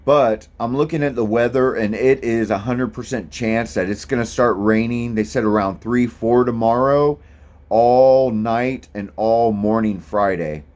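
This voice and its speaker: A man's voice: medium pitch, measured pace, darkish tone. A man, talking casually and rambling a bit as he vlogs about his hike. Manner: easygoing, rambling, lots of ums. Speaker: thru-hiker vlogger. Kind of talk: casual vlog monologue.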